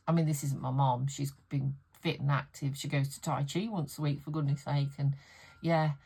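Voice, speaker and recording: A woman's voice: deep voice, vocal fry, a little mellow, husky, rough recording. A middle-aged woman chatting casually in her home art studio, rambling and laughing often as she talks. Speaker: art vlogger. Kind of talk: casual chat.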